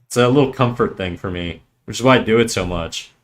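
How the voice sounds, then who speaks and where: On a casual livestream, a young Québécois man speaks in a low-ish voice at a fairly quick pace. The streamer swears freely, laughs, and switches back and forth between English and French with his French Canadian accent.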